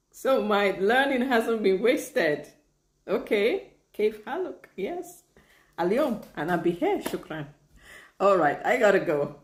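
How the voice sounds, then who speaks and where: A woman chatting casually on a live stream, reading viewer comments, laughing often and trying out halting Arabic phrases. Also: medium pitch, very animated, reverberant. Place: lives in Bahrain.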